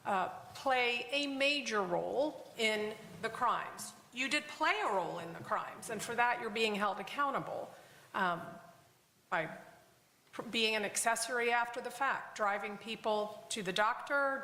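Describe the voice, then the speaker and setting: Measured female judge in echoey courtroom. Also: mid-range voice, pushed and bright. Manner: measured, formal. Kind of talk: formal courtroom sentencing.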